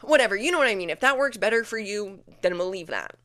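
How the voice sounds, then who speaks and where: A woman's voice: medium pitch, expressive, fast talker, a bit bright, dry recording, studio quality. A young woman hosting her own podcast, chatting casually and animatedly, with lots of fillers and acted-out quotes. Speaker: podcast host. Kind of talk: casual solo podcast chat.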